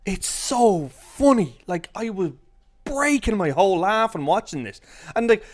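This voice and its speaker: A man talking films in a casual chat, rambling and saying "like" a lot. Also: high-pitched. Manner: rambling, heavy use of "like", quick bursts of excitement. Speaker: film critic.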